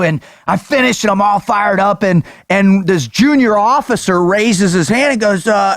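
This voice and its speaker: High-pitched man hosting a podcast, hyped and casual, dry sound. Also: normal speed, hardly any pauses, fairly bright tone, no echo. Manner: hyped, calls guest bro and dude. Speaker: podcast host, former instructor.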